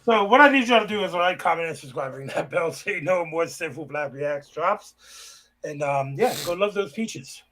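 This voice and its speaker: A man with a slightly high voice speaks in a direct, unadorned way. His casual talk is heartfelt and to the point. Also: animated, normal speed, a bit bright. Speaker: reaction channel co-host.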